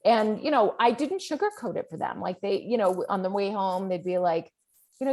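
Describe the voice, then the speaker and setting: A middle-aged woman speaks openly as a guest author, telling a personal story with lots of animated, rambling energy. Her voice sits in an ordinary middle register for a woman, and she often stops for fillers. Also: medium pitch, brisk. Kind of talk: conversational interview.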